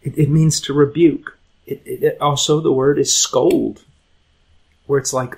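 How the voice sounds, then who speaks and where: A man's voice: fairly high pitch, normal speed, a little hiss or hum, poor audio. A man teaching a conversational Bible lesson to young people, earnest and emphatic, often repeating words, chuckling, and asking his listeners direct questions.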